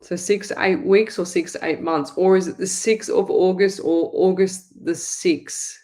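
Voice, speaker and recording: A woman's voice: lowish voice, fairly even intonation, measured pace, dark tone. A woman hosting a live psychic reading show, talking to viewers in a rambling, chatty way with many restarts. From Australia. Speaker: psychic medium host.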